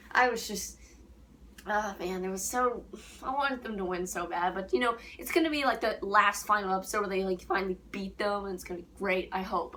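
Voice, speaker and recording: Young woman, anime review vlog, excitable fangirl, bright ringing voice, higher pitch. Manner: excitable fangirl gushing with squeals and giggles. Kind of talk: casual episode review chat.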